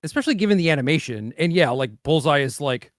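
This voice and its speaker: A man's voice: on the high side, animated, fast, dry recording. A man co-hosting a casual gaming podcast, making wry, dry remarks. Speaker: podcast co-host.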